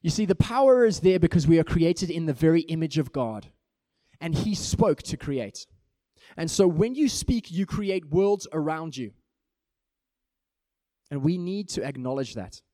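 Man, sermon, animated preaching, slightly high pitch, dry close sound. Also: unhurried, no room sound. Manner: animated, acts out little everyday scenes.

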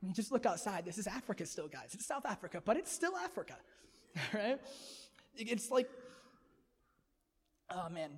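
A man preaching a sermon in an energetic, conversational way, laughing often. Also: high voice, moderate pace, long pauses, slightly rough, in a large hall.

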